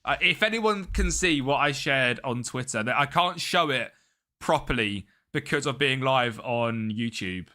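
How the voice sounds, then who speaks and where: A man's voice: medium pitch, animated, measured pace, pushed and bright. A young man, chatting casually with his live-stream chat and greeting viewers by name.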